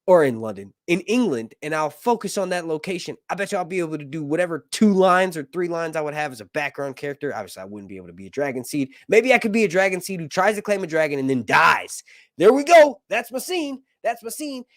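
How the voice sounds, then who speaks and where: A man's voice: a little high, expressive, fast talker, hardly any pauses, fairly bright tone, dry recording, studio quality. A man hosting a casual live stream, reading viewer messages aloud and chatting with lots of laughs and energy. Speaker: livestream host.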